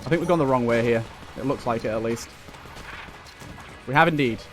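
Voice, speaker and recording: A young man giving excitable running commentary while playing a video game, talking back to enemies on screen. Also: medium pitch, brisk. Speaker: let's play host. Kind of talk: gameplay commentary. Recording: faint game music behind.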